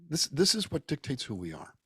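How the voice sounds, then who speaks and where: A man's voice: mid-range voice, wildly swooping pitch, fairly quick, bright, forceful tone, slightly rough, no room sound, clean studio sound. A man from Southern California, a guest musician and actor, talking at length and thoughtfully over a video call. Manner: reflective, talkative, acts out quoted voices. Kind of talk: casual interview chat.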